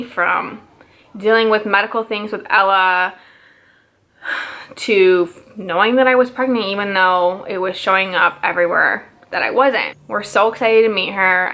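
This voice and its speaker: A young woman talks straight to her viewers in a casual storytime vlog. Her voice is bright and clear, and she chats freely, filling her sentences with "like" and slipping into quick quoted exchanges as she retells the conversations. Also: mid-range voice. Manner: chatty, lots of "like", quotes others in her own voice. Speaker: mom vlogger.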